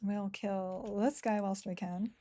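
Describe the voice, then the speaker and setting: A woman's voice: medium pitch, steady tone, takes it slowly, mellow. Woman, live game stream, chatty, giggly, self-mocking. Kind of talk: casual live-stream chat while playing.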